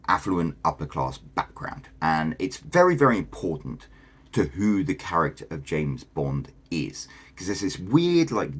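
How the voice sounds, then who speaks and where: A man's voice: extremely low pitch, slightly rough. A man, explaining things casually to camera as a vlogger, thinking aloud with fillers and restarts. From England.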